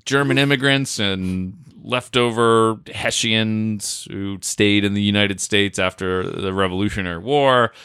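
A man's voice: lowish voice, a little slow, few pauses, a bit bright, clean tone. A man explaining a history topic in casual podcast chat, rambling with fillers and restarts. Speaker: podcast co-host.

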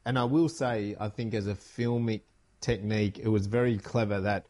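A middle-aged man, a podcast co-host, chatting casually about a film, rambling and animated with quick asides. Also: lowish voice. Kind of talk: casual film discussion chat.

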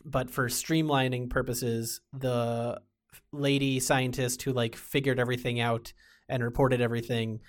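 A man chatting casually about TV shows, rambling with many fillers and restarts. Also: medium pitch. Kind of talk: casual chat.

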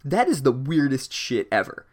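A man's voice: medium pitch, big pitch swings, moderate pace. A man giving a casual comedic book recap, sarcastic and full of swearing. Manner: profane, sarcastic.

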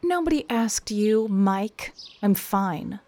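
A woman's voice: medium pitch, lively intonation, takes it slowly, a little mellow. Tense young woman narrating a drama. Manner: tense, often raising her voice. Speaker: narrator and lead character. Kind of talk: first-person audio drama narration.

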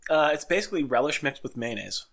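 A man's voice: mid-range voice, animated, fast, vocal fry, fairly bright tone. A man co-hosting a casual podcast, teasing and bantering with easy laughter. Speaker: podcast co-host. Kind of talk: casual chat.

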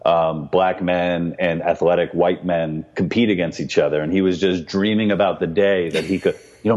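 A man co-hosting a casual movie recap, animated, mocking scenes in high put-on voices. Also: normal speed, few pauses. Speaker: podcast co-host. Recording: dull sound with long reverb.

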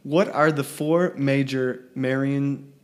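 A man's voice: medium pitch, fairly even intonation, slow. Male host, mid-range voice, dry teasing humor, casual chat.

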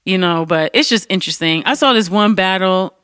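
A woman's voice: mid-range voice, brisk, clear, resonant tone, no echo, clean studio sound. A woman host chatting casually, telling a story with lots of enthusiasm. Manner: enthusiastic, animated storyteller who acts out quotes.

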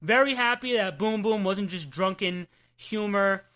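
A young man with a New Jersey accent co-hosting a comic book podcast in casual, animated chat, teasing his co-host and swearing freely. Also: high-pitched, unhurried.

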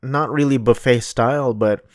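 A man's voice: medium pitch, normal speed, dry recording, studio quality. A man in his thirties telling a rambling travel story in a casual, wry way, often correcting himself mid-sentence. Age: 30s.

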